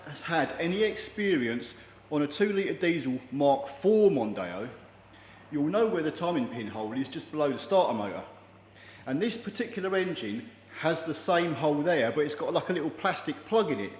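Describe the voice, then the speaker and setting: Jokey DIY mechanic, upper-middle pitch, roomy reverb. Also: male voice. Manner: chatty, jokey, self-deprecating. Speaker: mechanic vlogger. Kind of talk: casual workshop vlog. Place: garage workshop. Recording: echoey room with long reverb.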